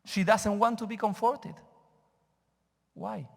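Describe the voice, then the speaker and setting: A man's voice: high-pitched, fairly even intonation, takes it slowly, creaky. A man, teaching a sermon as a rabbi and questioning his congregation. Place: synagogue sanctuary. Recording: reverberant sanctuary.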